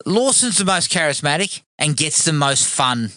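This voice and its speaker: A man co-hosting a laid-back film podcast, relaxed and sweary as he agrees and adds his opinions. His voice is bright, and the recording is close and dry. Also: fairly high pitch, normal speed, no echo. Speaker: podcast co-host. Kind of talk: casual film review chat.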